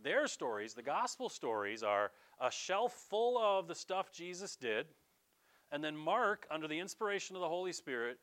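A man's voice: a little high, normal speed. A male pastor preaching a sermon in a conversational style, speaking directly to the congregation. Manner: conversational, animated, addresses listeners directly.

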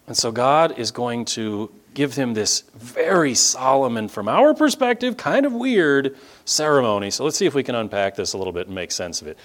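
A man preaching a conversational sermon, animated and full of asides, who also teaches students. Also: mid-range voice, moderate pace. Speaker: pastor and teacher.

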